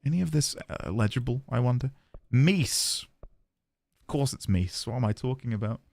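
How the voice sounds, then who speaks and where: A British man chatting as he streams a game, reading in-game documents aloud in a lively way. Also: mid-range voice, fast, vocal fry. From Britain. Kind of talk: casual game-stream chat.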